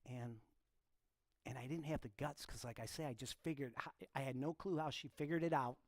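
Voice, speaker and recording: A man in his fifties, a pastor telling a personal story to his congregation in a relaxed, self-deprecating way. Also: mid-range voice, brisk, no echo. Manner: informal, self-deprecating, talks straight to the congregation. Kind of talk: conversational sermon storytelling. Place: church.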